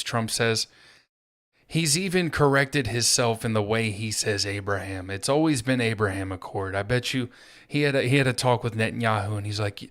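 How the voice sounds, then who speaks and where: A man's voice: mid-range voice, fairly bright tone. A man hosting a solo political commentary show, talking in a sarcastic, mocking way. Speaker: host.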